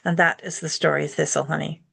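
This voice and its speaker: A woman telling a story aloud to a group, voicing the characters' lines with lively shifts in pitch. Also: fast talker, vocal fry, breathy edge, dry recording. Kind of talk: oral storytelling performance.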